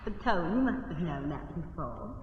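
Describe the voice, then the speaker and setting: A woman hosting a TV variety special, trading dry, deadpan short retorts in comic banter. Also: fairly low pitch, moderate pace, noisy background. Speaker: host of a TV special. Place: TV studio stage. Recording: echoey, distant, dull lo-fi 1960 TV broadcast.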